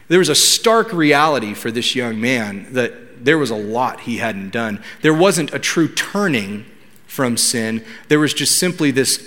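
A man's voice: mid-range voice, lively intonation, moderate pace, a bit bright. A man preaching a sermon to his congregation in a conversational way, asking them questions. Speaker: pastor. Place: church hall. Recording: long hall reverb.

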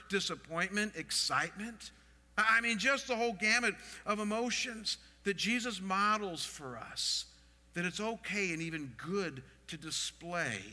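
A middle-aged man delivers a sermon in a high, very bright voice, questioning his listeners as he goes. His pastor's voice rings out with a long reverb from the hall around him. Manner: expressive, asks the audience questions.

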